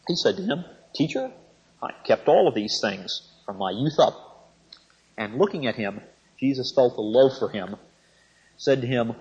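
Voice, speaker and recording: Guy explaining scripture slowly, lots of uh pauses, muffled old tape sound. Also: mid-range voice, warm tone. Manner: measured, thinking aloud, frequent "uh" pauses. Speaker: Bible teacher. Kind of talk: verse-by-verse Bible lesson. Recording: dull lo-fi recording.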